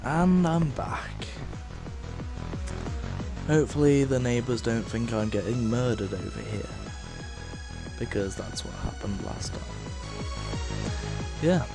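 Rambling young gamer on a headset. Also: male voice, medium pitch, slow pace, vocal fry, pauses often, music in the background. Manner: rambling, filler-heavy, bursts into rage shouts. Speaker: gaming video host. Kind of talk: casual let's-play commentary.

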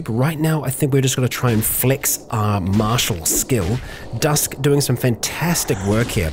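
Calm, chatty man narrating a game. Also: mid-range voice, background noise. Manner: calm, chatty, narrates in third person about his character. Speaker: let's play host narrating a survival game. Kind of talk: roleplay-style game commentary.

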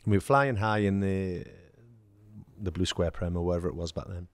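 An English man, a former footballer, telling lively anecdotes in casual chat and acting out the quoted dialogue. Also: sits low, fairly quick, no room sound. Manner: storytelling, acts out quoted dialogue, laughs. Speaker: former footballer, podcast guest.

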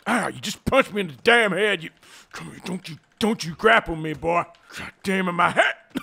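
A man doing an outlaw cowboy impression in game voice chat, gravelly, drawling in old-west slang and teasing the other players. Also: sits high, expressive, unhurried, pushed and bright, exaggerated voice. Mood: rowdy brawling. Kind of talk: in-game voice chat role-play.

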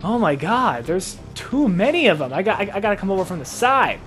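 Man, let's-play commentary, excitable, profane, laughing, very animated pitch. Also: fairly quick, faint music behind. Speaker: gaming video host.

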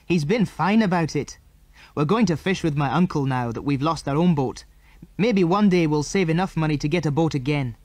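A man voicing an eager, excitable fisher boy in an audiobook. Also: fairly high pitch, moderate pace, no room sound.

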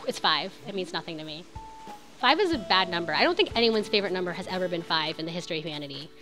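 A young woman streaming a video game, chatty and sarcastic, jumping between loud outbursts and low mutters. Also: lively intonation, racing, music in the background.

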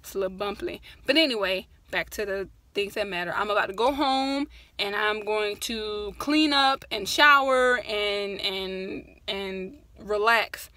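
A woman's voice: mid-range voice, measured pace, pushed and bright, no room sound. A woman vlogging from her parked truck, tired after a workout, chatting in a rambling, encouraging way. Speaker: fitness vlogger. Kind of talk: casual chat to camera.

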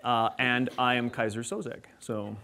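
A man's voice: mid-range voice, flat delivery, measured pace, background noise, natural voice. Guy doing a crude redneck oil worker, rambling and cracking jokes, uh's everywhere. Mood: joking. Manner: rambling, crude jokes, lots of filler words. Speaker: performer in character. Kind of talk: in-character stage banter.

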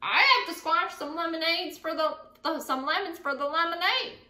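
A woman's voice: very high-pitched, moderate pace, pushed and bright, pitched above the performer's own voice, full character voice. A woman voicing a proper, tidy female saloon keeper who scolds primly, in a storybook reading. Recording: echoey room.

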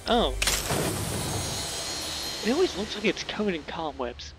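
A man's voice: high voice, big pitch swings, measured pace, loud music behind the voice. A man casually commentating a video game, playful and teasing, laughing often. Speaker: gameplay commentator.

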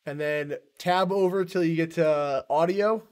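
A man's voice: fairly high pitch, a little slow. A man streaming a game, chatting casually with friends, swearing freely and teasing them. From United States. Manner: loud swearing exclamations, playful teasing. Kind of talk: casual gaming chat.

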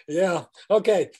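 A man's voice: sits high, dark tone, slightly rough. A man teaching a Bible class in a chatty way, joking with his students.

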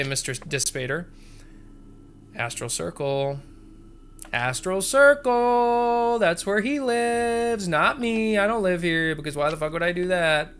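A man's voice: fairly high pitch, a bit bright, slight background noise. A man doing joking horror game commentary, talking to viewers and muttering codes under his breath. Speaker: gaming video creator.

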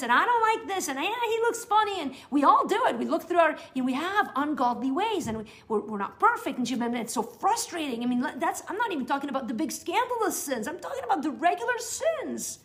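A middle-aged woman with a high, somewhat bright voice leads a teaching session for new believers. As a Bible teacher she speaks earnestly and conversationally, often restarting her sentences.

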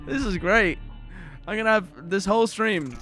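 Young Irish male streamer, profane rambling commentary, bright edgy tone, slightly high pitch. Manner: profane, laughing, ranting. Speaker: gaming streamer. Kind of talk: casual live-stream commentary.

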